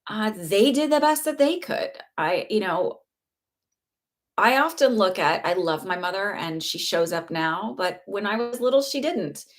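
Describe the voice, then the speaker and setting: A woman's voice: medium pitch, expressive, a little slow. A middle-aged woman talking casually on a live stream as a spiritual teacher, earnest and reassuring, rambling with fillers and restarts. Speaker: spiritual teacher and psychic reader.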